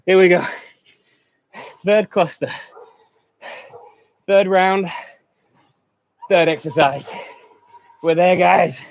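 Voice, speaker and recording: A man's voice: sits high, drawn-out words, long pauses, dry recording. A man coaching a live workout, out of breath, counting down seconds and urging people on between short laughs. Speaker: fitness coach. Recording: dull lo-fi stream audio.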